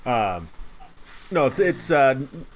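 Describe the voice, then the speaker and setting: A man's voice: medium pitch, sing-song, slow pace, a little hiss or hum. A man voicing a polite female project manager in a tabletop game, speaking hesitantly with many fillers.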